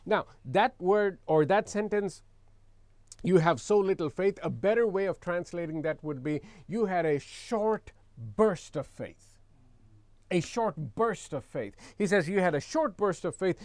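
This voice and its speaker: A man's voice: on the high side, animated, a little slow, darkish tone, no room sound. A man preaching a sermon as pastor, reading scripture aloud and explaining it with emphatic repetition, leading the congregation in call-and-response.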